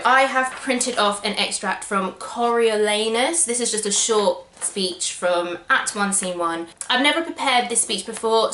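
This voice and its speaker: An actor with a mid-range, pushed, bright voice vlogs to a tripod-mounted camera, cheerfully walking through her audition method step by step. It's a casual instructional video shot in an echoey room, with slight background noise.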